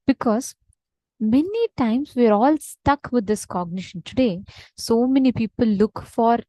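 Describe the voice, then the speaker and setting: A woman's voice: a little high, lively intonation, warm tone, no echo. Earnest woman teaching over a call. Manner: storytelling, earnest, slows for emphasis. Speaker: meditation teacher. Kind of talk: online spiritual teaching talk. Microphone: online video call.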